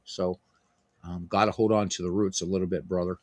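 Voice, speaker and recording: A man's voice: on the low side, fairly quick, no room sound, studio quality. A middle-aged man hosting a stream, calling a tabletop baseball game play by play and chatting with viewers in a loose, filler-heavy way. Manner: chatty, many fillers, reads and answers viewer comments. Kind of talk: casual play-by-play and chat with viewers.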